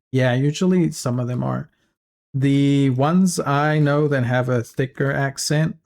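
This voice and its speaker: A streamer from Africa, chatting casually and haltingly, trailing off and correcting themselves mid-sentence. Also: medium pitch, creaky, a little mellow. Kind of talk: casual stream chat while working.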